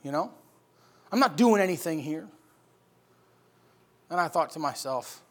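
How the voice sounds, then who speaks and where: A man preaching a sermon, swinging from loud emphatic bursts to quiet storytelling. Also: a little high, lively intonation, measured pace. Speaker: pastor.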